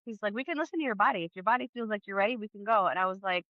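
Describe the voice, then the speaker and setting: A woman in her thirties, a podcast guest, telling her birth story in a casual, animated way, acting out the people she quotes. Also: medium pitch, rapid-fire, no room sound, highs cut off. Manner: animated, acts out quoted dialogue, laughs often.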